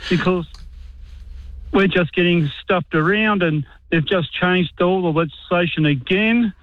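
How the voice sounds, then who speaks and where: An Australian man, an army veteran calling in, halting and frustrated. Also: high voice, no echo. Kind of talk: talkback phone call. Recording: tinny phone line.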